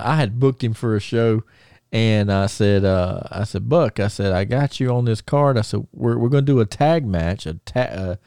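Rambling man, mellow voice. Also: medium pitch, clear, resonant tone, dry recording, clean studio sound. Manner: rambling storyteller with many fillers and restarts. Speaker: podcast host. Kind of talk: casual podcast chat.

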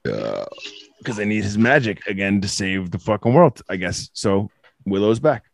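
A man's voice: on the low side, very animated, moderate pace, gravelly. A man co-hosting a podcast, telling rambling, profane stories in casual chat.

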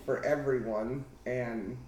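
A man's voice: medium pitch, steady tone, slow, a little mellow. A man co-hosting a casual game chat, playful and laughing often. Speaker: podcast co-host. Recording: echoey room with noise.

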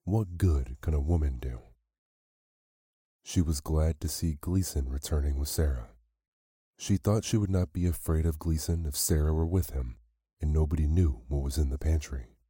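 A man reading a classic short story aloud as a bedtime storyteller, calm and measured. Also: very deep voice, breathy edge, no echo, clean studio sound.

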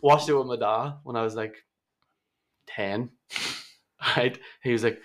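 A man's voice: medium pitch, fairly even intonation, measured pace. A young man chats as a podcast co-host. He tells anecdotes with dry humour and laughs often along the way. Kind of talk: casual chat.

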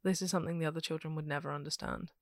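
London woman telling a true crime story on a podcast, lowish voice, dry sound, pretty matter-of-fact. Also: steady tone, racing, no room sound. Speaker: podcast co-host presenting a true crime case. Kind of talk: casual chat reading out researched notes.

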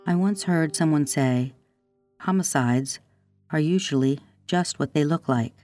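Narrator, true-crime script, measured delivery, mid-pitched, soft guitar bed underneath. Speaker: podcast host. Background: faint guitar music.

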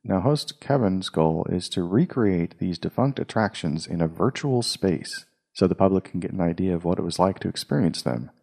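A man's voice: sits low, expressive, moderate pace, creaky, hardly any pauses, a little mellow, breathy edge. A male podcast host reading show plugs and descriptions in a dry, scripted way.

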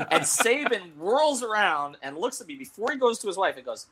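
A middle-aged man telling a long anecdote in casual talk-show chat, animated and laughing, with many restarts. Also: high voice, quick pace, few pauses. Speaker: sports columnist and show host.

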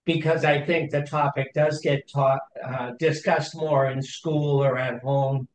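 A middle-aged man hosting a conversational interview, speaking in a thoughtful, measured way with pauses. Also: medium pitch, steady tone. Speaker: host. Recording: echoey room.

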